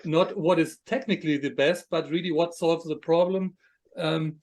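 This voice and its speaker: A man's voice: fairly high pitch, steady tone, moderate pace, darkish tone. A man hosting a podcast interview, reflecting enthusiastically on his guest's point. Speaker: podcast host. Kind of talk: casual interview chat.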